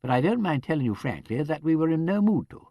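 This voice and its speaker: A man reading an audiobook, voicing an aristocratic gentleman detective who speaks lightly and ironically. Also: fairly high pitch, very animated, fast talker, no room sound. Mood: light ironic.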